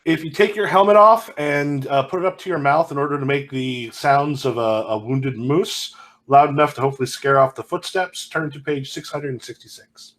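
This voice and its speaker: A man's voice: on the high side, moderate pace, a bit bright. A man playing an improvised story game, telling his part playfully with fillers. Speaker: player.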